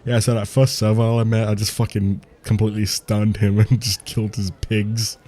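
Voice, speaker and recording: A man's voice: fairly low pitch, little pitch movement, moderate pace, dark tone. A man giving casual let's-play commentary, swearing offhandedly and reading game text aloud between remarks. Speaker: game streamer.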